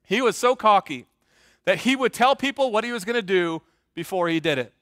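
A man's voice: high voice, lively intonation, a little fast, fairly bright tone, no echo, clean studio sound. A male pastor preaching a sermon in a joking, conversational way, often quizzing the congregation.

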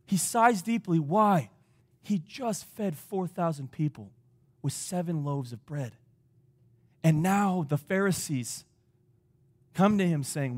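A high-pitched male pastor preaching a sermon. He speaks with emphasis, throws rhetorical questions at the listeners, and swings between loud and quiet passages. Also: expressive, a little slow.

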